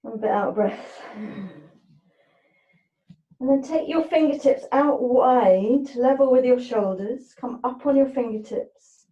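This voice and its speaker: A woman yoga teacher talks a class through breath and movement in a slow, soft cadence. Her voice is mellow and dark, and it rings in an echoey room. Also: fairly high pitch, highs cut off. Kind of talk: guided yoga class instruction.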